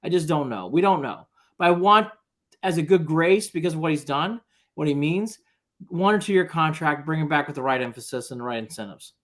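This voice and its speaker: A man's voice: fairly high pitch, a little fast, fairly bright tone. Give me an emphatic male sports co-host. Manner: emphatic, lays out his points. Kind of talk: sports talk.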